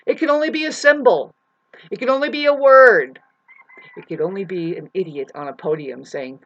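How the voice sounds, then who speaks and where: A self-styled spiritual teacher giving a profane, preachy monologue, swinging between shouting and muttering. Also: medium pitch, moderate pace, dull audio. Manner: preachy, lecturing the listener.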